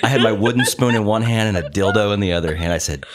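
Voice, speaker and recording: A man hosting a podcast in a studio, telling a comic story with deadpan jokes in casual chat. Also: lowish voice, fast talker, background noise. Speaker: podcast host.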